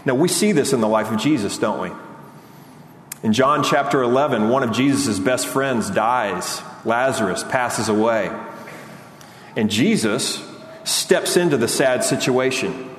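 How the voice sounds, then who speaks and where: A man preaches a sermon with earnest feeling. His voice climbs and speeds up as he grows fervent, then sinks low and soft on key lines. The sound is roomy with a long hall reverb and a faint hiss behind it. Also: expressive, measured pace. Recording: echoey hall, faint background noise.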